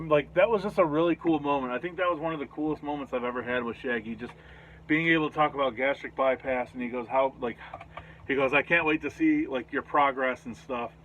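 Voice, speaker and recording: Rambling, profane guy with dull lo-fi audio. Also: medium pitch. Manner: rambling, profane, excitable storytelling. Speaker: vlogger reviewing a festival. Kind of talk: casual recap monologue. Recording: slightly dull lo-fi audio with faint noise.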